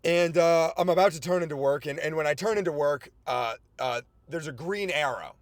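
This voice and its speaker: A man in his twenties giving a rambling, animated comic monologue from inside his car, swearing often. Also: on the high side, moderate pace, no echo. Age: 20s. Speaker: podcast host. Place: inside a car while driving and parking.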